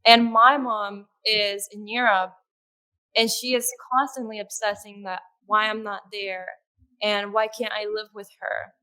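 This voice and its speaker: A woman speaking as a podcast guest in an earnest, conversational way, with soft laughs and fillers. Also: medium pitch, steady tone, measured pace. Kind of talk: conversational interview.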